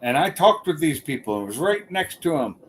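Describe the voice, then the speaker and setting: A man's voice: on the high side, big pitch swings, a little fast, slight background noise. A man chatting bluntly on a live stream, swearing casually.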